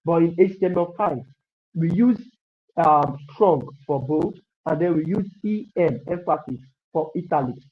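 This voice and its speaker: A man's voice: a little high, normal speed, a little hiss or hum. A man teaching web coding in a live online class. He repeats himself often and encourages the students while he types. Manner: repetitive, encouraging, thinks aloud while typing. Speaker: coding instructor. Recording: dull lo-fi stream audio.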